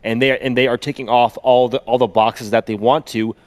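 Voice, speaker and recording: A man's voice: mid-range voice, level tone, brisk, dry recording. A man co-hosting a livestream, talking casually and often restarting his sentences.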